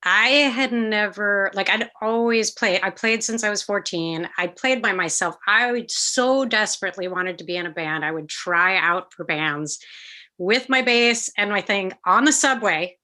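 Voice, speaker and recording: Bright, animated middle-aged woman storyteller. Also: mid-range voice, unhurried. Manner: animated, acts out quoted voices, swears casually. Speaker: guest musician. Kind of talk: casual interview storytelling. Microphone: video call.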